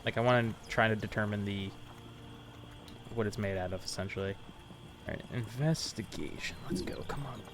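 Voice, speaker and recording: A man playing a tabletop game, casually thinking out loud. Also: fairly low pitch, moderate pace, pauses often, over music. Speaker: player. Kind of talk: tabletop role-play.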